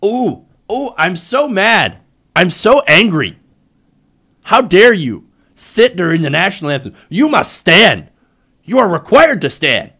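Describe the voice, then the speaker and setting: A man's voice: high voice, sing-song, takes it slowly, pushed and bright, husky, voice pushed up, exaggerated voice. A man voicing a whiny, outraged conservative man in a mocking imitation. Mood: mock outrage. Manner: mocking, whining indignation.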